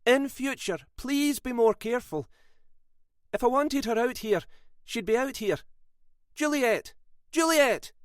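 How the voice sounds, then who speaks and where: A high, prim woman scolds in a tart, clipped way, as a male narrator puts her on. The audiobook read is close and dry, with a lively rise and fall. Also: measured pace, clear, resonant tone, no room sound. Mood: snapping. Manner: snappish, scolding. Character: prim stern woman, sharp-tongued dog owner.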